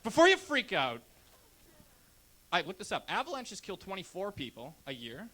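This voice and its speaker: Brash young Canadian stand-up comic. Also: male voice, sits high, moderate pace. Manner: brash, deadpan delivery. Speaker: stand-up comedian. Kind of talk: stand-up comedy set. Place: comedy club stage.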